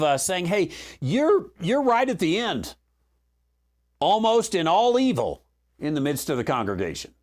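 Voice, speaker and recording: Animated, unhurried male Bible teacher. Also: on the high side. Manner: conversational, frequent fillers and restarts, dry humor.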